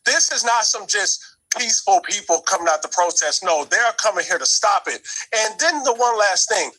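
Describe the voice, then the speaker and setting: A man's voice: sits high, sharp tone, poor audio. A man arguing combatively and emphatically in a political debate.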